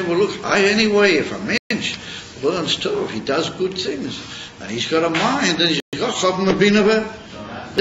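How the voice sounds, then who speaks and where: A man delivers an informal Torah lecture in a slightly high voice, pausing often as he searches for words. The recording is roomy and dull. Steady background noise runs underneath. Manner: halting, searching for words, mixing Yiddish and Hebrew terms. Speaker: rabbi teaching Chassidus.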